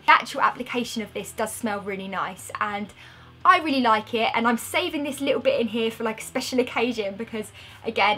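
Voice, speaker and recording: A woman's voice: mid-range voice, pushed and bright. A young woman, chatting upbeat and friendly in a casual product review. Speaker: beauty vlogger.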